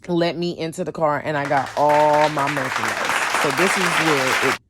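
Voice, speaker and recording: A woman who sells cosmetics tells a storytime vlog, swearing heavily and swinging from loud outbursts to quiet, shaken admissions. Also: sits low, moderate pace, a loud crowd, very noisy. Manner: emphatic, heavily profane storytelling. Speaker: cosmetics vendor.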